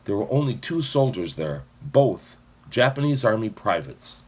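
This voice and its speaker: A man's voice: fairly low pitch, sing-song, a little slow, darkish tone. A man narrating an audiobook expressively, shifting his voice for each character.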